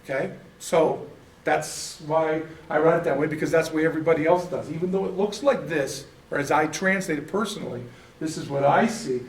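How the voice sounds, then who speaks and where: A folksy American man leads a casual church class, wandering through his points and correcting himself as he goes. His voice sits a little high. He is picked up from a distance in an echoey room. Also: brisk. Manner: rambling, self-correcting, folksy. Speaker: Bible class teacher. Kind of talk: informal classroom teaching.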